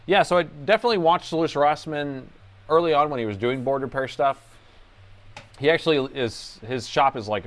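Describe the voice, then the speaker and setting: A man in a loose, rambling live-stream chat, talking at a middle pitch as he reads out viewer comments and laughs along with them. He wanders from one thought to the next and keeps it easygoing. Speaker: laptop repair technician streaming live.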